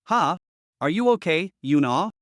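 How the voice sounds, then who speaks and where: A man's voice: fairly high pitch, measured pace, no room sound, studio quality. A man reading as a teasing cheerful male friend. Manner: teasing and lively.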